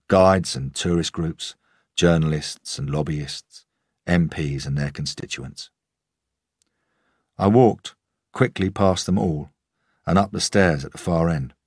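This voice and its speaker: A man narrating a crime audiobook in the first person, measured and grave, with a husky voice. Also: extremely low pitch, a little mellow, dry recording, clean studio sound. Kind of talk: scripted narration.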